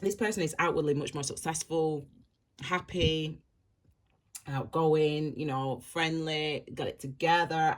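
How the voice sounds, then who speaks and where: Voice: medium pitch, a little slow. A tarot reader giving a casual reading to the viewer, talking straight to them in a rambling way and repeating phrases over and over. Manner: reassuring, direct address to viewer.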